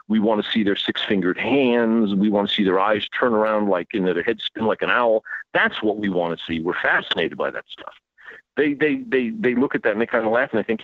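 A man's voice: fairly low pitch, no echo. A man speaking as an author and interview guest, emphatic and given to sarcastic rhetorical questions. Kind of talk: interview talk. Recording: dull lo-fi dry audio.

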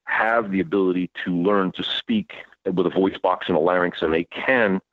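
A man's voice: low voice, moderate pace, dry recording. A man speaking as an author and interview guest, emphatic and given to sarcastic rhetorical questions. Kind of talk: interview talk. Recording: dull lo-fi dry audio.

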